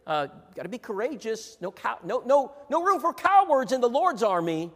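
High-voiced preacher in an echoing hall. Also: male voice, very animated, normal speed. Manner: emphatic, repetitive, swings between hushed and rousing. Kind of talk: sermon. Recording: long reverb in a large hall.

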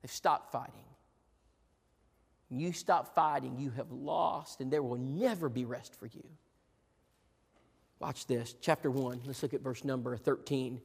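A middle-aged man preaching a sermon, repeating himself, swinging between hushed asides and rousing emphatic bursts. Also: medium pitch, a little slow, gravelly, long pauses, breathy edge. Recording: long reverb in a large hall.

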